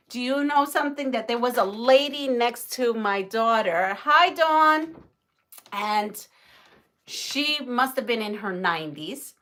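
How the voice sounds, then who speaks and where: A middle-aged woman hosting a casual livestream, chatting in a rambling, animated way and reading out viewer comments. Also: on the high side. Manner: animated storytelling with gasps and laughs. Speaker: livestream host.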